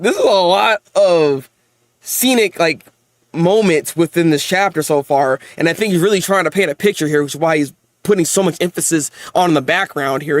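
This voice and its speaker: A young man hosting a live manga reaction and review, excitable, often stammering through repeated words and laughing. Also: sits high, dry recording, studio quality.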